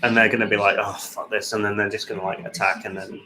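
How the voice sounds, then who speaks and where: An excitable man chatting casually while watching a football match, swearing and laughing easily. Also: on the low side, very fast, crowd noise. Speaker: co-host.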